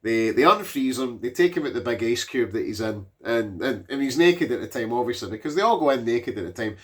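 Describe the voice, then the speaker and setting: A man's voice: mid-range voice, animated, fairly quick. Rambling, swearing man in his forties. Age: 40s. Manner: rambling, swearing, with frequent fillers. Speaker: movie reviewer. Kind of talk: casual rambling film recap.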